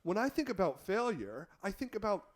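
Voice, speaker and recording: A man's voice: high-pitched, sing-song, a little fast. A young man co-hosting a podcast, talking in a casual, rambling way with lots of filler words. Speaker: podcast co-host. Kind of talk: casual chat.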